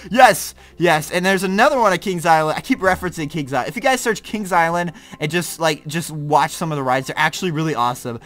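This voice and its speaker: A young man giving excitable, slangy let's-play commentary, laughing and reacting loudly as he plays. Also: a little high, fast, hardly any pauses. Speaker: gaming YouTuber.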